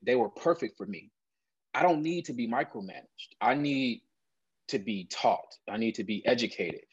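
A man, a guest in an interview, earnestly telling a personal story in an animated conversational way. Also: medium pitch, slightly rough, dry recording, muffled recording.

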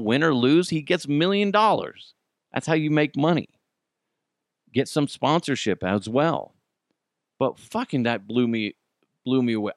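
A man's voice: a little high, no room sound, clean studio sound. A man hosting a podcast, ranting casually and profanely about the news and laughing at his own jokes. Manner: ranting, swears a lot, laughs. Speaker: podcast host.

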